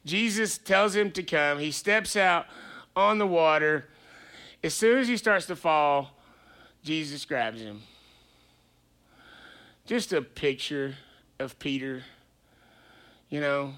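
A man's voice: high-pitched, expressive, slow, gravelly, long pauses, bright, forceful tone. A male pastor preaching a conversational sermon, chatty and playful, asking rhetorical questions.

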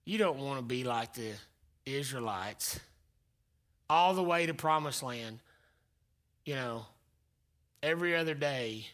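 A male pastor delivering a dynamic sermon, swinging between loud exclamations and hushed whispers. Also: medium pitch, expressive, measured pace, long pauses.

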